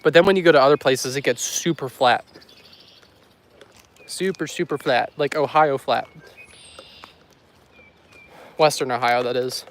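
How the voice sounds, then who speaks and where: Out by a road in the countryside, a man walks and films on a handheld phone for a casual weather stream, joking and rambling with his chat. He speaks at medium pitch with a measured pace and long pauses.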